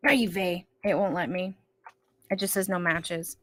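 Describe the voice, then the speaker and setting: A woman's voice: on the low side, unhurried. A woman co-hosting a gaming stream, chatting casually and telling stories bluntly, with plenty of swearing. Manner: blunt, swears freely, animated storytelling. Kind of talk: casual chat.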